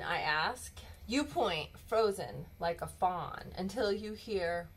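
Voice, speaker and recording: A woman reading a children's bedtime story aloud in a gentle, expressive storybook manner. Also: mid-range voice, slow, hardly any pauses, a little hiss or hum.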